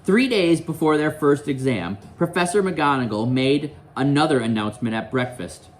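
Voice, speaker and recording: A man's voice: on the high side, lively intonation, normal speed, slight background noise. A male teacher reading a novel aloud to his class, quizzing students and explaining the story in a classroom.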